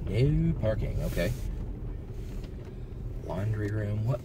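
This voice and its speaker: A man's voice: on the low side, normal speed, husky. A man vlogging casually while driving, reading signs aloud and marveling at what he sees. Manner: excitable, reads signs aloud, wondering. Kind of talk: casual driving vlog narration. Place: in a car driving through a village.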